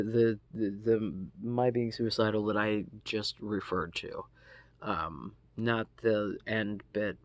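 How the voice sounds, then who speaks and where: A man telling a personal story in a casual vlog, halting and profane, often restarting his sentences. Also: fairly low pitch, a bit bright, no echo. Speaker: vlogger.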